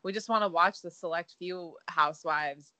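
A woman in her twenties co-hosting a podcast, chatting casually with sarcastic quips and quick laughs. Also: fairly low pitch, bright, forceful tone, no echo. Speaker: podcast co-host. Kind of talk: casual chat.

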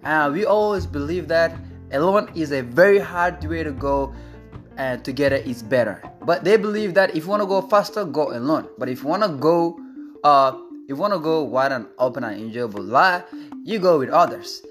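Upbeat male podcast host, higher voice. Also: expressive, moderate pace, fairly bright tone, soft background music. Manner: repetitive, restarts often, acts out quoted voices. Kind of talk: casual motivational podcast talk.

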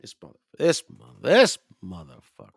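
A man around thirty telling a long, profane story in casual chat, rambling and then rising loud and high when he rants. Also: huge pitch swings, a little fast, vocal fry, husky, no room sound, clean studio sound. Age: 30s.

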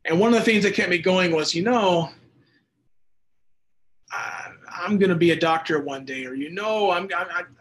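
A man teaching the Bible on a call-in show, moving between relaxed chat and fervent emphasis. His voice sits a touch high for a man. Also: normal speed, pauses often. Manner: conversational, with bursts of emphatic preaching. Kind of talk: radio Bible teaching with listener texts.

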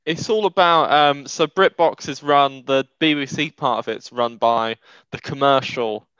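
A man's voice: a little slow, fairly bright tone, smooth, no room sound, dull audio. A young man, co-hosting a casual podcast, explaining things with dry humor. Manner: explanatory, dry humor, rants with rising pitch. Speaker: podcast co-host. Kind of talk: casual chat.

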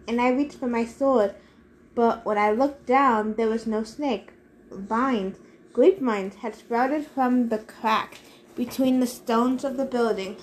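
A woman's voice: fairly high pitch, slight background noise. A woman narrating a novel aloud in first person, giving the characters their own voices. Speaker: reader. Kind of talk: audiobook narration.

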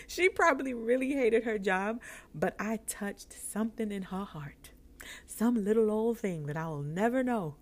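A woman in her thirties from New York, hosting a podcast and telling a personal story, acting out the dialogue with laughs. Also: medium pitch. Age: 30s. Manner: animated, acts out dialogue with laughs. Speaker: podcast host.

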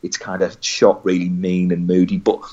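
A man's voice: low-pitched, completely flat delivery, moderate pace, dark tone, highs cut off. A man from England co-hosting a casual podcast, chatty and rambling, with a mocking streak. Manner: chatty, rambling, mocks adverts with put-on voices. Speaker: podcast co-host.

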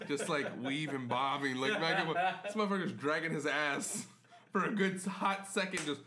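A man's voice: fairly high pitch, moderate pace, background noise. A man co-hosting a podcast in casual chat, telling crude, profane stories and breaking into laughter. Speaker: podcast co-host.

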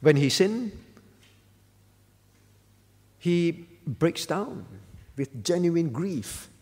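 A male pastor gives a conversational sermon at a church-hall prayer meeting, often asking the congregation "all right?". His voice is fairly high, darkish and husky, expressive yet extremely slow, heard in a large hall.

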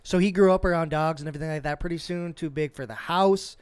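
A man co-hosting a podcast, telling a long story in casual, profane chat and acting out the quotes with lively swings. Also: on the high side, fast, clean tone. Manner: animated, profane, acts out quotes. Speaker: podcast co-host.

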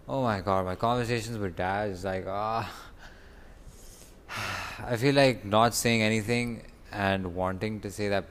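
A young vlogger suffering stomach pain rambles in frustration, pausing to groan, while outdoors away from his home. He has a fairly low, clean-toned voice, captured with a phone recording app.

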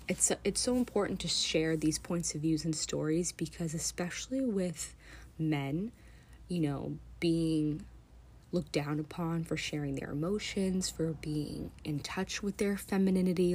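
Lower-voiced woman podcaster, earnest and emotional, slips into whispers, faint hum behind. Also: darkish tone. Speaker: podcast host reading stories. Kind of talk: casual chat.

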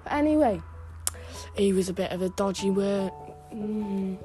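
A woman's voice: medium pitch, animated, a little slow, over music, lightly acted. A woman doing a rambling, crude old nana. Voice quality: rambling, blunt, sweary. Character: gossiping old British grandmother, rambling and crude. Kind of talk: comic storytelling monologue.

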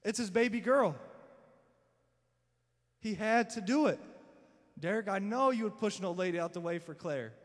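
A man's voice: high-pitched, animated, normal speed, long pauses, big-room sound. A man preaching a sermon to his church, telling a scripture story dramatically and voicing the people in it. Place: church sanctuary.

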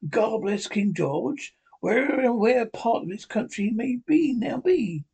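A man voicing a sinister blind old beggar who whines in a sing-song and then threatens coldly, with a gravelly, husky voice. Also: extremely high pitch, big pitch swings, slow, a little mellow, voice pushed up, exaggerated voice. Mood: wheedling sing-song.

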